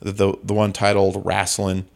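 A man's voice: sits low, completely flat delivery, measured pace, vocal fry. A man, a comedian, chatting casually on a podcast in a rambling, self-correcting way.

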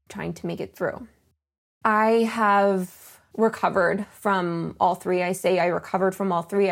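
A woman's voice: medium pitch, creaky. A woman in her thirties hosting a solo podcast, talking in an earnest, open and confessional way. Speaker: podcast host.

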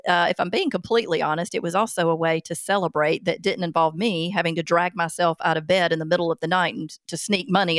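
A woman's voice: on the low side, no room sound, clean studio sound. A woman hosting a podcast and answering listener questions in a chatty, self-deprecating way, with frequent ums. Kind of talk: casual chat.

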